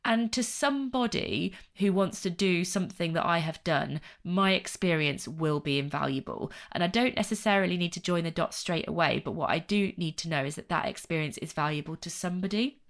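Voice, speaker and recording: A woman with a lowish voice and a gravelly edge co-hosts a relaxed career podcast. She talks in an animated way and acts out inner doubts in quick little asides. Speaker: podcast co-host. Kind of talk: casual podcast chat.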